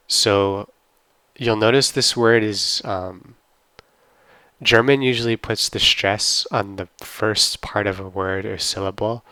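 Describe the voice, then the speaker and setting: A man's voice: lowish voice, fairly even intonation, pushed and bright, no echo. A man giving a casual language lesson, carefully sounding out words one at a time. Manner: slow, careful pronunciation of words. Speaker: German language teacher. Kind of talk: casual screen-recorded lesson.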